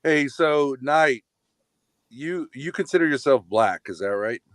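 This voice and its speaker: A man's voice: medium pitch, animated, unhurried, a bit bright, no room sound. Rambling man with a dry sound. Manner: rambling, eager to lay out a theory. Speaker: panel guest. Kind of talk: casual live-stream panel chat.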